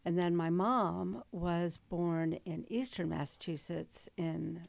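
Gravelly-voiced chatty older woman. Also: on the low side, slow, a little mellow. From Northern Virginia. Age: 60s. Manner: chatty storyteller, laughs often. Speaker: interview guest. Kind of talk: casual interview chat.

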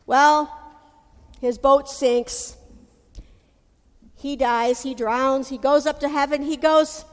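A woman's voice: high voice, fairly even intonation, slow, long pauses. A woman preaching a sermon in a folksy, casual storytelling way. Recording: hall reverb.

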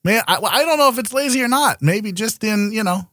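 A man's voice: sits high, expressive, fairly quick, bright, forceful tone, no echo, clean studio sound. A man co-hosting a casual podcast chat, joking and swearing often. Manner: profane, jokey, laughs often. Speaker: podcast co-host.

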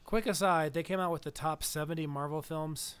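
A man co-hosting a podcast in relaxed film chat. He rambles and drifts into tangents, laughing easily. His voice sits somewhat high for a man. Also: clear, resonant tone. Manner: rambling, digressive, quick to laugh. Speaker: podcast co-host.

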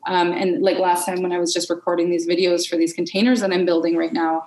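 A woman's voice: fairly low pitch, quick pace. Candid woman in a roomy-sounding space. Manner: candid and expressive, swears freely, acts out her inner voices. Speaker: podcast guest. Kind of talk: unscripted podcast conversation.

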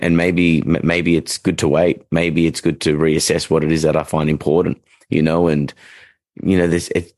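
Aussie guy dog trainer, low voice, rambly podcast talk, dry close mic. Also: dry recording. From Australia. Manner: rambling, animated when quoting clients. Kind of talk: casual podcast chat.

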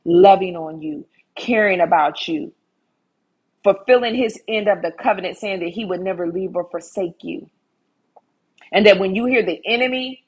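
A woman preaches with fervent, repeating phrases and a breathy, husky edge to her voice. She often sinks to a soft hush and then swells again. Her voice sits at a middle pitch and comes through close to the microphone. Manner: fervent and repetitive, drops to soft hushes. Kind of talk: online sermon with altar call.

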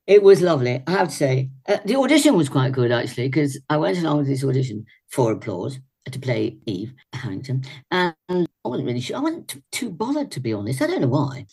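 An older actress and singer telling chatty anecdotes as an interview guest, laughing often. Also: female voice, very deep voice, sing-song, fairly quick, hardly any pauses, dark tone, breathy edge.

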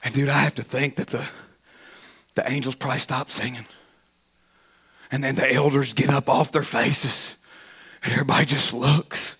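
A man preaching a sermon in a church, telling a story dramatically, rising to shouts and dropping to hushed whispers, often stammering and repeating words. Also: medium pitch, flat delivery, moderate pace, pauses often, slightly rough. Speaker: pastor.

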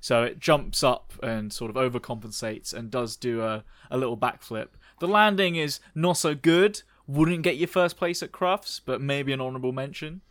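A man's voice: mid-range voice, normal speed, few pauses, fairly bright tone, no room sound, studio quality. A man narrating a tabletop game as game master, hesitant and full of ums.

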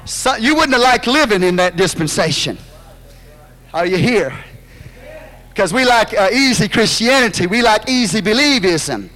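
Male pastor, very high, bright and forceful voice, impassioned sermon delivery with shouts. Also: expressive, poor audio. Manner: impassioned preaching with drawn-out phrases and sudden shouts.

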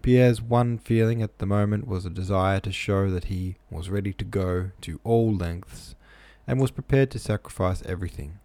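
Deep-voiced man reading a novel aloud. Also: normal speed, hardly any pauses, dark tone, no echo. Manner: plain reading with casual asides. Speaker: reader.

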